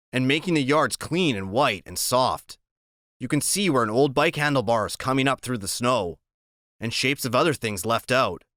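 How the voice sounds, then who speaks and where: A man reading a first-person story aloud as an audiobook narrator, steady and plain. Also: medium pitch, dry recording, clean studio sound.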